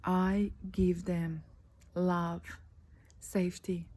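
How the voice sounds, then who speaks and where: A woman with a dark voice, a life coach, gives a soft motivational talk in an earnest, slow, emphatic way, often sinking into a breathy near-whisper. Her pitch is fairly low with little movement. The recording is rough, with faint background noise.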